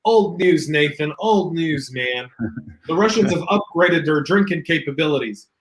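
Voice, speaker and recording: A man with a slightly raised pitch co-hosts a casual online talk show. He reads viewer comments aloud and answers them with quick, opinionated remarks and a joking edge. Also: expressive, fairly bright tone, poor audio. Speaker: podcast co-host.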